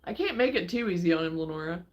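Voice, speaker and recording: A woman hosting a relaxed, casual chat with viewers, talking in a teasing, chatty way. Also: lowish voice, quick pace, muffled recording. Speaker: host.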